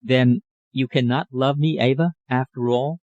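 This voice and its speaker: Male narrator as a young man pleading his love, mid pitch, dry close mic. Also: steady tone, a little slow, darkish tone, dry recording, muffled recording, close to an everyday voice. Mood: earnest. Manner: impassioned, pleading. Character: young male journalist, ardent lover.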